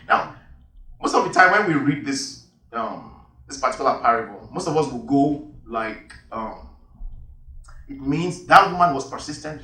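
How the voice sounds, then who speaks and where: A man's voice: mid-range voice, animated, moderate pace, sharp tone. A man preaching a sermon and reading Bible verses, emphatic and repeating key phrases. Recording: echoey hall, voice from far off.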